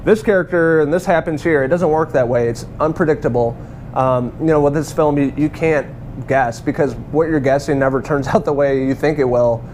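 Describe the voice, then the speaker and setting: A man's voice: on the high side, a little fast, a little mellow, a little hiss or hum. Casual, chatty man reviewing a film. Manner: chatty and rambling, swears freely, laughs now and then. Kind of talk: casual spoken movie review.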